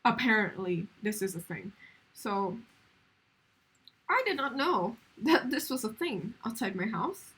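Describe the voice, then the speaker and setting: A woman's voice: on the high side, sing-song, a little slow, fairly bright tone, husky, rough recording. A woman streamer telling a story in casual chat, rambling along with lots of fillers.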